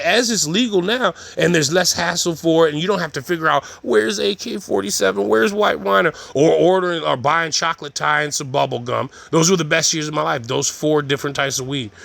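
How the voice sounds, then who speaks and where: A man's voice: on the high side, vocal fry, fairly bright tone, no echo. A man telling a rambling, profane story in casual vlog style, full of street slang. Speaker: vlogger.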